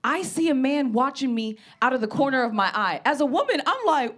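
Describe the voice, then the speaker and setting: Brash, high-voiced woman doing stand-up. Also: a little fast, hardly any pauses. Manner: brash, animated storytelling. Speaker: stand-up comedian. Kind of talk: stand-up set.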